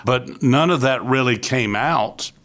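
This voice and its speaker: A man's voice: medium pitch, a little slow, a bit bright. An older man from Florida, a youth ministry leader, giving an earnest, conversational testimony as a podcast guest and acting out the voices he quotes.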